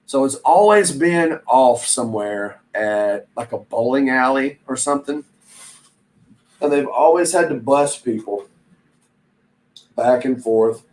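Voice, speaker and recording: A man's voice: medium pitch, takes it slowly, a little mellow, low-quality recording. Chatty man hosting a reselling stream. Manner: rambling, chatty, reads viewer comments aloud. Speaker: reselling channel host. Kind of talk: casual live-stream chat.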